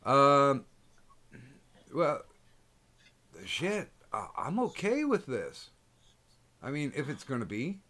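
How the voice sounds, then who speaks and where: A man's voice: mid-range voice, very animated, slow, pauses often, sharp tone. A man hosting a podcast in casual chat, rambling and joking with many fillers. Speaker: podcast host. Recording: noisy recording.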